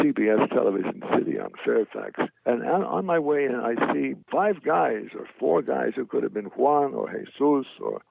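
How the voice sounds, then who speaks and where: Gravelly older man telling showbiz stories. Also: medium pitch, no echo. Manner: animated anecdotes, salty language. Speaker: actor guest. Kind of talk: storytelling interview. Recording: tinny phone-like line, dry.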